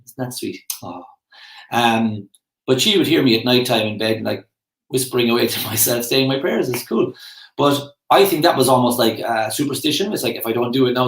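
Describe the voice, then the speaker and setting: A man's voice: mid-range voice, a bit bright. Chatty Irish man in his forties, echoey room. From Ireland. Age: 40s. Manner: rambling and chatty, with self-aware asides. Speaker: motivational speaker. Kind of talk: casual reflective monologue.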